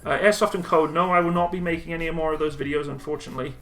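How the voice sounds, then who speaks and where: A young man casually reading and answering viewer chat on a live stream, relaxed and chatty with frequent ums and laughs. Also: fairly high pitch, racing, soft background music.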